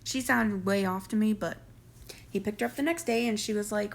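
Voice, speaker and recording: A woman's voice: mid-range voice, animated, a little fast, creaky. A young woman casually recapping a reality show episode, chatty and opinionated with gossipy asides.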